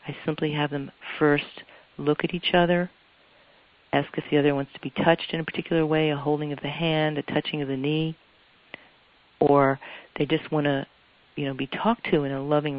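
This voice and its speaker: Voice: medium pitch, muffled recording. A couples therapist giving an earnest, explanatory interview answer and often repeating phrases for emphasis.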